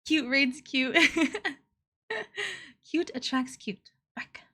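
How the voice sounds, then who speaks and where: Young woman streamer, high bright voice, giggly, loud and excitable chat. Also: very slow. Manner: laughs often, excitable and loud. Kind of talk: casual livestream chat.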